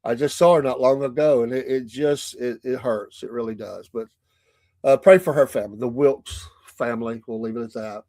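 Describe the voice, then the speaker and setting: A man's voice: mid-range voice, normal speed, a little mellow, no echo, clean studio sound. A Southern American man hosting a morning livestream show, chatty and folksy, laughing often. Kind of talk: casual livestream chat. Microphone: streaming mic.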